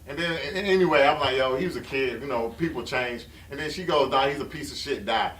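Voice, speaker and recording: A man's voice: mid-range voice, a little fast, fairly bright tone, slight background noise. A man hosting a podcast who talks in a blunt, profane, joking way in casual chat. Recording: roomy, distant mic with faint ambience.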